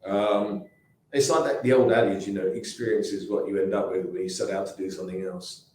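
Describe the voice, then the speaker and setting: A man's voice: on the low side, fairly even intonation, brisk, darkish tone. A man in his sixties with an English accent, a company founder telling rambling anecdotes in a casual interview, with restarts and asides. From England. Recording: very echoey room.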